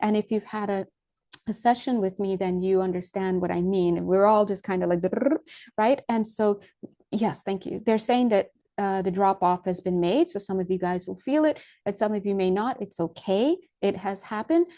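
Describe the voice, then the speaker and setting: A woman with a mellow, warm voice gives a loose, casual spiritual talk to her viewers. She rambles, trails off and restarts her sentences, and breaks into giggles often. Her pitch sits in an ordinary middle range. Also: moderate pace. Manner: giggly, laughs often between phrases. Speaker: spiritual teacher.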